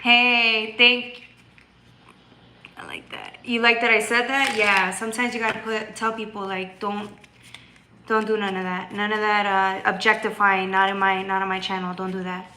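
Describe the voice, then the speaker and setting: A woman's voice: medium pitch, flat delivery, moderate pace, a little hiss or hum. A woman hosting a tarot livestream, chatting casually and bluntly with viewers. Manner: blunt and scolding, reads chat aloud, bursts into loud laughter. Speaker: tarot reader and livestream host.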